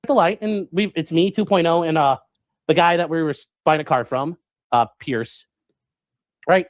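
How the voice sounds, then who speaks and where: A man streaming, telling a story to his chat in a rambling, animated way, full of fillers and acted-out quotes. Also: on the high side, normal speed, no room sound. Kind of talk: casual storytelling to a live chat.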